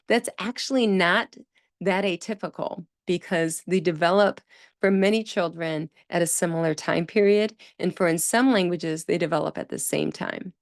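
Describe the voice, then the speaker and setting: A woman's voice: fairly low pitch, no room sound, clean studio sound. A woman hosting a speech therapy podcast, explaining in a conversational, emphatic way. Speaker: speech-language pathologist podcast host. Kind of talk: solo educational podcast talk.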